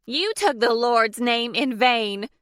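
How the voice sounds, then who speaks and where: A woman narrator voicing a prim, scandalized middle-aged mother who scolds in a shrill, high voice. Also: very animated, slow, sharp tone, no echo, clean studio sound, full character voice. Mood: shrill indignant.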